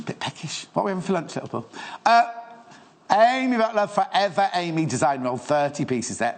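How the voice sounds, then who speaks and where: A man's voice: high-pitched, lively intonation, normal speed. A man presenting fabrics on a shopping channel, gushing and rambling with playful asides to the crew. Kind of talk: chatty live selling of sewing fabrics.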